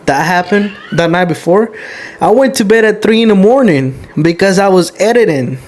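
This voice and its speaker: A man's voice: high voice, lively intonation, normal speed, darkish tone, a little hiss or hum. A young man hosting a podcast, telling a personal story candidly and with emotion, swearing often. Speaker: podcast host. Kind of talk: casual podcast chat.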